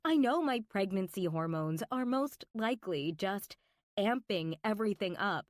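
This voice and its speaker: A woman's voice: mid-range voice, lively intonation, moderate pace, no room sound, clean studio sound. A woman reading a first-person romance audiobook, intimate and emotional, with whispered asides. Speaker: audiobook narrator.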